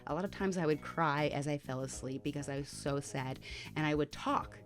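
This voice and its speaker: A woman with a lowish voice telling her own story to camera. She talks candidly and conversationally, with plenty of fillers. Faint music plays underneath. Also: fairly quick. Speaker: mental health vlogger.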